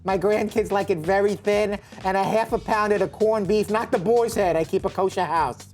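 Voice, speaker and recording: A man's voice: high voice, fairly even intonation, moderate pace, darkish tone, soft background music, natural voice. A man putting on the voice of a fussy old woman ordering at a deli counter, particular and nagging.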